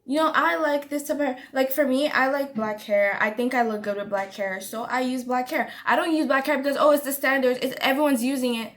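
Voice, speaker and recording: High-voiced woman giving an emphatic pep talk. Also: brisk, few pauses, a bit bright. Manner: emphatic, repeats lines, calls listener honey. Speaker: vlogger. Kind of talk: motivational pep talk to camera.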